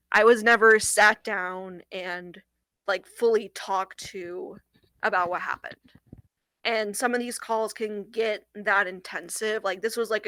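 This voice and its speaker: Bright-voiced young woman recounting a hard experience. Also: mid-range voice, no echo, poor audio. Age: young adult. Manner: earnest, halting, with frequent "like" fillers. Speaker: domestic violence hotline worker. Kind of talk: recounting a personal experience in an interview.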